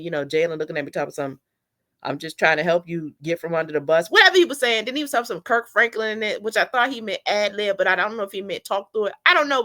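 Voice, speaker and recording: A woman's voice: medium pitch, fairly bright tone. A middle-aged woman, tearfully and candidly recounting a hard church rehearsal to her viewers. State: crying at times. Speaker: church singer telling her story. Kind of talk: emotional personal storytelling.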